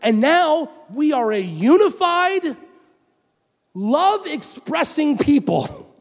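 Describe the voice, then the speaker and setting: A middle-aged man preaching a sermon as pastor in a church, animated, swinging from loud emphatic lines to soft hushed ones. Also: extremely high pitch, slow. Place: church sanctuary. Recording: long hall reverb.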